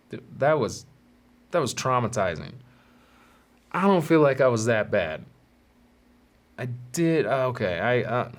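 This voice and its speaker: Candid man telling stories on his podcast. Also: mid-range voice. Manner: candid, rambling, self-deprecating, acts out quoted voices. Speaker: podcast host. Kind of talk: solo storytelling podcast.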